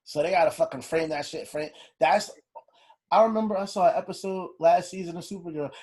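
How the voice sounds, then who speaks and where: Male podcast co-host, husky, animated and profane. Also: sits high, a little fast. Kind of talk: casual chat.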